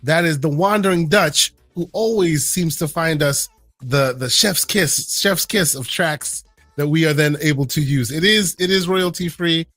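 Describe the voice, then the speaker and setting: A man's voice: on the high side, a bit bright, no room sound. A man co-hosting a casual gaming podcast, rambling with lots of restarts and fillers. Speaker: podcast co-host. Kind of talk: casual chat. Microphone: own microphone at home.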